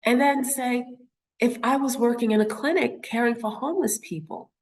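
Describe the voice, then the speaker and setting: A woman's voice: on the high side, normal speed, a little mellow. A woman in her fifties, a nurse, speaks to an audience. She tells a personal story, poses rhetorical questions and acts out the voices of the people she quotes. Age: 50s.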